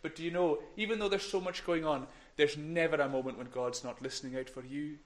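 A man's voice: on the high side, fairly even intonation, brisk. A middle-aged man gives a playful, encouraging children's talk in church on a microphone, sometimes dropping to a whisper. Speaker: minister giving a children's talk.

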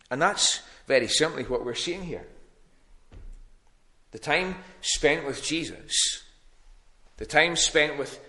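A man's voice: medium pitch, bright, forceful tone. A man preaching a sermon in a plain teaching tone, with frequent ums and restarts.

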